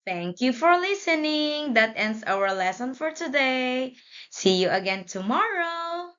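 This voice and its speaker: A woman teacher giving a children's English lesson, prompting read-alongs in a slow, deliberate way. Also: sits high, sing-song, fairly bright tone, smooth, lo-fi sound.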